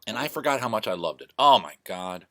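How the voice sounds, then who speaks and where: This man vlogs casually at home via his laptop mic, full of digressions and self-deprecating jokes as he rambles on. He speaks briskly and expressively in a fairly low, fairly bright voice, with no room sound.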